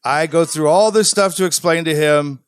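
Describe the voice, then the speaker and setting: A Midwestern man on a podcast, caught up in his own story and laughing often between lines. His voice sits a little high for a man. The mic is close and dry, with no room sound at all. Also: moderate pace, clear, resonant tone, dry recording. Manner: animated storytelling, frequent laughter. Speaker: podcast co-host. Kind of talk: casual podcast chat.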